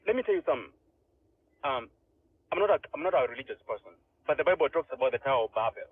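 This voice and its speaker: A man's voice: mid-range voice, animated, fast talker, slightly rough, no echo. A young Kenyan man giving an emotional, pleading speech full of rhetorical questions. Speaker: speaker in a live online audio room. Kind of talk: impassioned protest speech. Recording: tinny phone-line audio.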